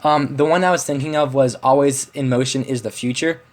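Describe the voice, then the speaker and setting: A man's voice: medium pitch, fairly even intonation, a little fast. Teen guy hosting a podcast, chatty, rambly, keeps restarting sentences. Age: teens. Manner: rambling, many restarts and "like"s, laughs easily. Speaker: podcast host. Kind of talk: casual chat.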